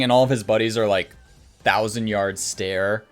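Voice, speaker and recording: A man running a tabletop game as game master, narrating in a relaxed, chatty way. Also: lowish voice, normal speed.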